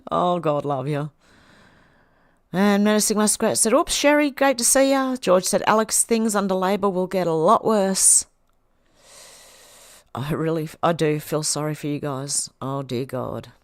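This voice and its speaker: A woman's voice: lowish voice, expressive, unhurried, no room sound, studio quality. Australian woman reading out live chat. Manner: chatty, reads comments aloud and answers them with small laughs. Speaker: livestream host. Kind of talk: livestream reading out chat comments.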